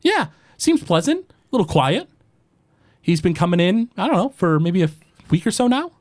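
A man doing a high chatty gnome baker woman. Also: sing-song, moderate pace, no echo, studio quality. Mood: friendly. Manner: chatty, hesitant, gossipy. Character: cheerful female forest gnome baker.

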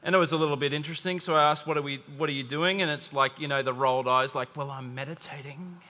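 A man's voice: fairly high pitch, steady tone, very fast, sharp tone. A man preaching a sermon to a congregation, conversational, with asides and humor. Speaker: pastor. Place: church hall. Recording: long hall reverb.

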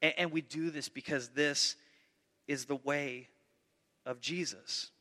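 A man preaching with a bright, ringing voice, somewhat higher than most men. He is earnest, and he swings from loud emphasis down to soft, hushed asides. The sound carries a long reverb from the hall. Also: fairly even intonation, slow pace. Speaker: pastor. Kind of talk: sermon.

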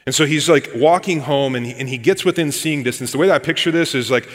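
A man's voice: fairly high pitch, fast. Conversational male preacher in a reverberant hall. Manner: conversational storytelling, addresses listeners as "guys". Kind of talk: sermon.

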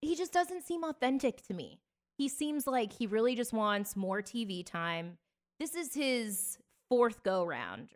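A woman's voice: on the high side, big pitch swings, unhurried. A woman co-hosting a podcast in casual chat, a chatty storyteller who laughs easily. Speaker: podcast co-host.

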